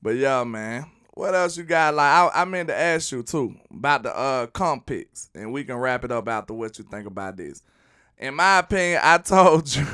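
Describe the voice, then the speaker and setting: A man hosting a casual live sports talk show, laughing often and slipping into a preachy, animated way of talking. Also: mid-range voice, clean tone.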